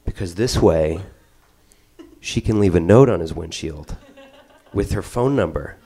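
A man telling a long story in stand-up style, profane, rambling and animated. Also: deep voice, measured pace, breathy edge.

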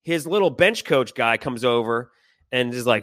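A middle-aged man tells a story in a bright, forceful voice with a dry, close sound. He talks animatedly, swears freely, and acts out the people in it. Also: mid-range voice, lively intonation, moderate pace, no room sound. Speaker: podcast co-host. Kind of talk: casual storytelling chat.

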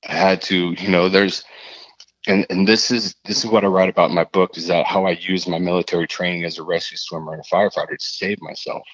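A man, a podcast guest, telling a personal story in a halting, earnest way, often repeating his phrases. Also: sits low, little pitch movement, a bit bright, no room sound, highs cut off.

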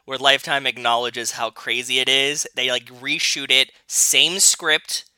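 A man's voice: medium pitch, level tone, unhurried, bright, forceful tone, clean tone, no echo. A young man co-hosting a casual podcast, amused and joking, often laughing along. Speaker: podcast co-host.

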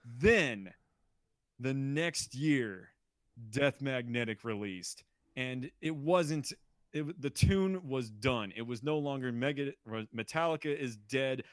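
A man co-hosting a podcast, talking casually and animatedly, breaking into loud mocking impressions. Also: medium pitch, slow, no echo, clean studio sound. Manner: animated, mimics people in shouted bursts. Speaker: podcast co-host.

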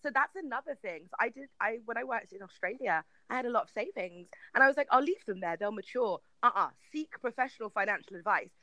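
A British woman in her thirties, a podcast guest, chatting in an animated, laughing way with salty banter. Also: on the high side, quick pace, hardly any pauses, dry recording. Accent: British English. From Britain. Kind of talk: casual podcast chat.

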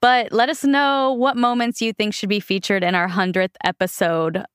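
A woman's voice: mid-range voice, fairly even intonation, moderate pace, a bit bright, clear, resonant tone, dry recording, studio quality. A young woman co-hosting a podcast in casual chat, giggly and enthusiastic. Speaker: podcast co-host.

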